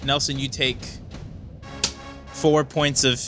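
Bright-voiced male game master. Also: mid-range voice, level tone, faint music behind. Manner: descriptive, quick narration with fillers. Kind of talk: narrating a tabletop game.

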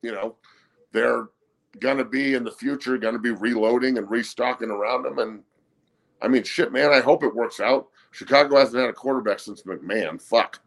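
A man's voice: mid-range voice, moderate pace, creaky. A man appearing as a guest on a sports talk show, cursing freely in heated, casual sports chat. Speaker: guest commentator.

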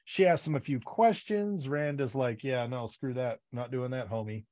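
A man's voice: mid-range voice, moderate pace, a little mellow, highs cut off. A man co-hosting a podcast, chatting casually about a book series and acting out characters' lines in funny voices. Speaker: podcast co-host.

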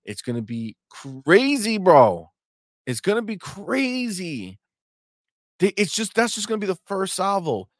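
A young adult man co-hosting a gaming livestream, animated and profane, trash-talking rival fans and reading viewer chat aloud. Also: high voice, unhurried, no room sound, studio quality. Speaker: co-host of a gaming talk stream. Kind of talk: casual livestream banter.

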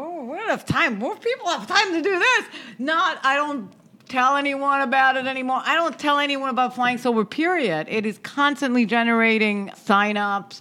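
A woman co-hosting a podcast, chatting casually and reacting with excited, swearing exclamations. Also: fairly high pitch. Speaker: podcast co-host. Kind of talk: casual chat.

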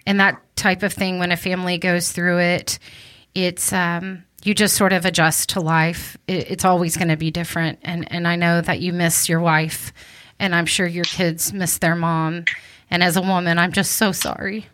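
A woman's voice: fairly low pitch, flat delivery, moderate pace, a bit bright. A woman hosting a podcast interview, earnest and emotional, near tears, with frequent ums and restarts. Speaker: host.

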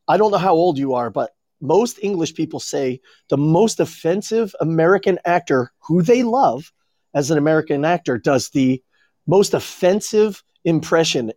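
Animated, joking podcast co-host. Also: male voice, fairly high pitch, no echo, studio quality. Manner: rambling, joking, swears freely. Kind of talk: casual banter over a call. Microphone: remote call.

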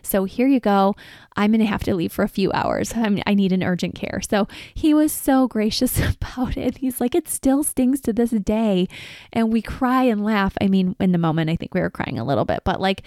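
A woman's voice: medium pitch, warm tone, no room sound, studio quality. A woman in her thirties giving casual advice as a podcast host, earnest and chatty, laughing now and then as she tells stories. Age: 30s.

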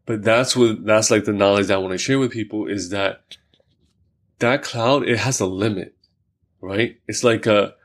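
On this podcast, the male host speaks in a lowish voice at a moderate pace. His casual conversation is reflective, heavy with fillers, and built around examples he works through aloud.

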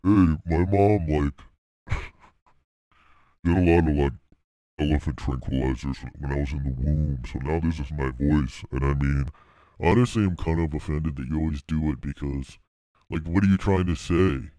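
Man doing a very deep, slow dumb jock. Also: dark tone, no room sound, clean studio sound. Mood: aggrieved drawl. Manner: slow drawl, full of "like" and "man". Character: slow-witted dumb jock guy, slow and offended. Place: his room.

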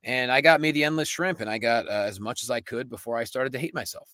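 A man's voice: mid-range voice, quick pace, no room sound, studio quality. A man co-hosting a comedy podcast, telling rambling stories in casual banter. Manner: rambling storyteller with lively bits. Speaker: podcast co-host.

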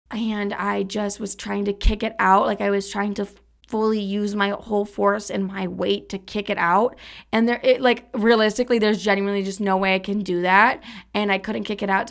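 Candid young woman with a gravelly voice. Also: mid-range voice, fairly bright tone. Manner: candid, profane, dramatic retelling with acted-out quotes. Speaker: podcast host. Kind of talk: casual storytelling monologue.

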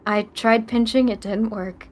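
A woman's voice: on the high side, fairly even intonation, a little slow, noisy background. A woman playing a tabletop game, bemused and hesitant. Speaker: player.

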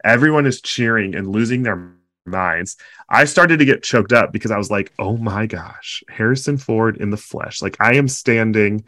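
A man's voice: lowish voice, normal speed, sharp tone, no room sound. A man co-hosting a casual chat, recounting a moving moment with emotional enthusiasm. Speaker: podcast co-host.

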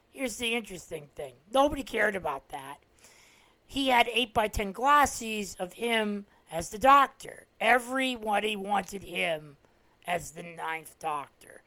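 A man's voice: high-pitched, pushed and bright. A man from New Jersey with a New Jersey accent, hosting a solo podcast and retelling stories in a rambling way, with many "uh" fillers and restarts. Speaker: podcast host. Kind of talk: casual solo podcast monologue.

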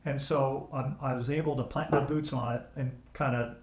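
A man of middle pitch recounts his army days at a calm, measured pace, with a dry edge. His voice rings in an echoey room, and the audio has been pieced back together after technical trouble. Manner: measured, vivid anecdotes with dry humor. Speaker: podcast guest, veteran. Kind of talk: conversational storytelling.

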